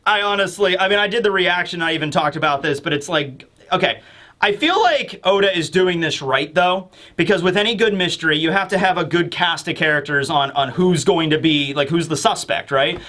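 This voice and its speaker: A young man casually recapping and commenting on a manga chapter, animated and jumping into high voices for the characters. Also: a little fast.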